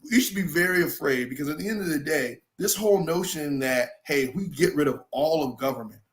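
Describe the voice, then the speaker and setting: A man with a high voice hosts a heated political talk show. He argues emphatically and mocks the guests he disagrees with. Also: fairly quick. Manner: mocking, emphatic, laughs at opponents. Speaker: show host.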